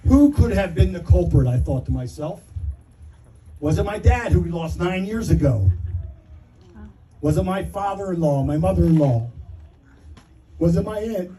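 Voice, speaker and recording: A man's voice: high-pitched, expressive, normal speed, long pauses, dark tone, far from the mic, rough recording. A middle-aged man giving a father-of-the-bride wedding speech, telling a story with self-deprecating humor and fighting back tears. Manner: self-deprecating, emotional, laughing through his story. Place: wedding reception hall.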